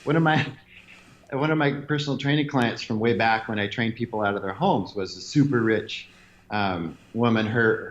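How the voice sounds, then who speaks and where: A man being interviewed, telling stories in an animated way and laughing now and then. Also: on the low side, highs cut off. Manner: animated storyteller, laughs often. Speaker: interview guest, gym owner. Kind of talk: conversational interview.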